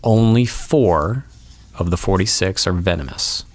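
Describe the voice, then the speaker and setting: Low-voiced man explaining patiently. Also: lively intonation, unhurried. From Florida. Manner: explanatory, patient, many ums and restarts. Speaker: guest wildlife removal expert. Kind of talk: casual studio interview. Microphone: studio mic.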